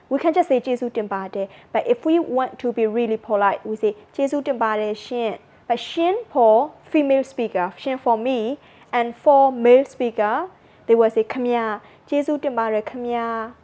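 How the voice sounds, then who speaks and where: Burmese-accented woman teaching phrases slowly. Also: a little high. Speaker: language presenter. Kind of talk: conference language lesson.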